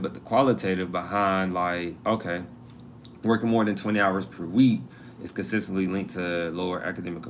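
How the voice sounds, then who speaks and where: A man's voice: sits low, background noise. A man hosting a live stream, chatting casually to viewers and reading an article aloud, sometimes turning away from his mic.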